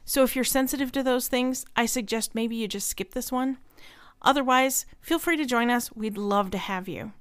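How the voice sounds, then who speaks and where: A woman's voice: on the high side, normal speed, smooth, dry recording. A young adult woman co-hosting a podcast, chatting casually and laughing often between her words. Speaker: podcast co-host.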